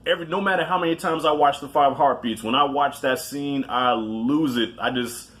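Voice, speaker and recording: A man counts down his favorite movies in a casual, rambling way, full of restarts and swearing. His pitch sits in a middle range for a man, and he jokes at his own expense as he goes. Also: moderate pace, fairly bright tone. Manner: loose and profane, with self-mocking asides. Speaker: movie reviewer.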